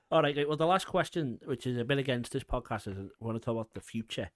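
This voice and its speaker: A man's voice: medium pitch, brisk, no room sound, studio quality. A man hosting a podcast, asking jokey, friendly questions in casual chat. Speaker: podcast host.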